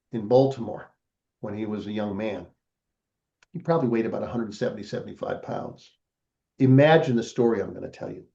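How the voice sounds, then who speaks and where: A man's voice: lowish voice, gravelly, warm tone, dull audio. An older man, a podcast guest, telling a family story in a casual interview and acting out the voices of the people in it.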